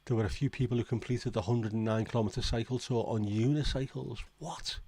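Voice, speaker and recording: A man's voice: mid-range voice, fairly even intonation, fast talker, warm tone, slightly rough, no room sound. A man hosting a casual livestream, reading out viewer comments and reacting with blunt, swearing disbelief. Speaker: livestream host.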